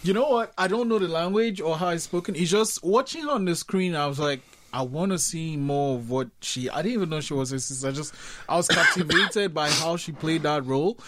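A man's voice: fairly high pitch, expressive, fairly quick, a bit bright, slight background noise. A man interviewing a filmmaker, enthusiastic and rambling, with lots of fillers. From not from Canada. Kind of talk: interview conversation.

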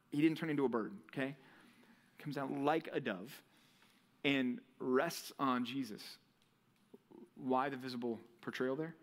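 A young man preaching a sermon to a college group, with a lively, conversational style full of rhetorical questions. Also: on the high side. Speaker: pastor.

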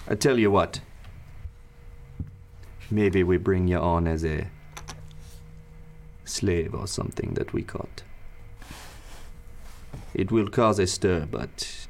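A man serving as game master, narrating a tabletop game and voicing its characters in a measured, deliberate way. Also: deep voice, creaky, darkish tone, a little hiss or hum.

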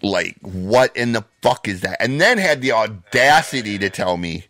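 Podcast co-host, man, low dry voice, heated profane rants. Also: big pitch swings, moderate pace, few pauses, no echo. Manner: heated, profane, bursts into loud shouting. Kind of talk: profane ranting podcast chat.

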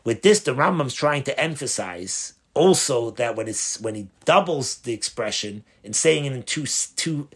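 A rabbi giving a spoken Torah lesson, explaining step by step, posing questions and answering them, often restarting and rephrasing mid-sentence. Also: male voice, mid-range voice, lively intonation, moderate pace, hardly any pauses, breathy edge. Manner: explanatory, asks and answers his own questions. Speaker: rabbi teaching a Torah class.

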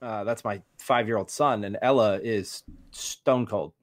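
A man's voice: lowish voice, a little slow. A man in his thirties co-hosting a podcast, telling stories in a dry, laid-back way. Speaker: podcast co-host. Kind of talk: casual chat.

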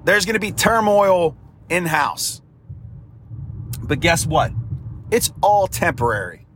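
A man's voice: high-pitched, big pitch swings, slow, fairly bright tone, a little hiss or hum. A man hosting a sports podcast on his own, his voice strained and damaged, talking in an emphatic, preachy way and repeating words for punch. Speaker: podcast host. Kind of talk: sports commentary podcast monologue.

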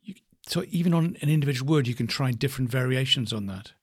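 Husky man giving a slow voice lesson. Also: mid-range voice. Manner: slow, thoughtful, varies stress for demonstration. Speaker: voice coach. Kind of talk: reflective spoken lesson.

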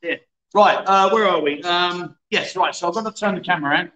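A man's voice: sits high, fairly quick, sharp tone, slight background noise. A middle-aged man hosting a casual livestream, joking around and reading viewer comments aloud. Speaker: livestream host.

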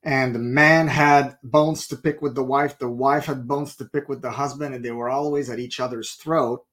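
A middle-aged man preaching a sermon, telling a story and acting out the people in it with lively voices. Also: mid-range voice, moderate pace. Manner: animated storyteller acting out characters.

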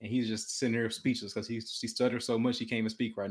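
A man's voice: medium pitch, flat delivery, fast. Earnest young man with a stammer. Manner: earnest, repeats words and restarts, says he stutters. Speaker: podcast guest. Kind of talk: casual storytelling.

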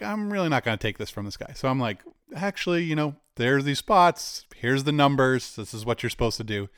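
A man's voice: medium pitch, fairly bright tone, smooth, no room sound, clean studio sound. A man, likely in his forties, telling a candid personal story in a conversational way with asides. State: cancer patient.

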